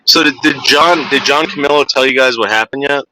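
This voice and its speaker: A man's voice: mid-range voice, fairly quick, background noise. A man streaming to his viewers, telling a long story in a rambling, profane way and acting out the voices of the people in it.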